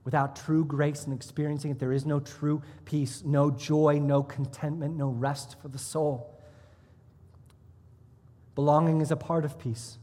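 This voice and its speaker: A man's voice: a little high, little pitch movement, unhurried, dark tone, big-room sound. A man serving as pastor, preaching a sermon in a church with emphatic rises and drops in his delivery. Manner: emphatic, rising and dropping for emphasis. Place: church sanctuary.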